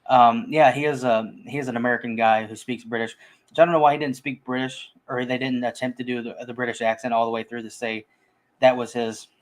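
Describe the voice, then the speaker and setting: A man's voice: mid-range voice, fairly even intonation, a little fast. Rambling man chatting about movies. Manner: rambling, many restarts and fillers. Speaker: movie podcast co-host. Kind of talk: casual film discussion.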